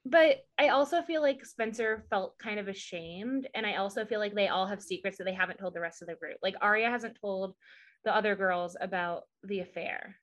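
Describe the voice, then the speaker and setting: A woman from the US South co-hosting a podcast, recapping a TV episode in animated, chatty talk full of "like" and "um". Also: mid-range voice, moderate pace. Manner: chatty and animated, laughs often, leans on "like" and "um". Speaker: podcast co-host. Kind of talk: casual chat, recapping a TV show.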